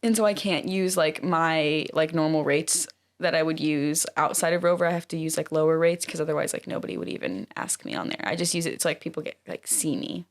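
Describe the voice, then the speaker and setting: Low-pitched chatty young woman. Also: animated, brisk. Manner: chatty, many "like" fillers. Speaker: co-host. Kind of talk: casual podcast chat.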